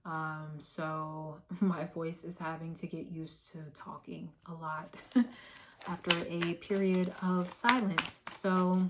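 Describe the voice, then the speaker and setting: Hoarse lady doing a tarot reading, lowish voice, swears a lot, teasing and blunt, bit of hiss behind. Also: steady tone, takes it slowly. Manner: blunt, profane, teasing tough-love delivery. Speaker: tarot reader. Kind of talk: casual tarot reading to camera.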